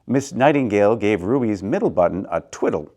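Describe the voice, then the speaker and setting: A man reading a children's picture book aloud, swinging between soft and loud in an expressive way. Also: on the low side, brisk. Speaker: storyteller, theater director.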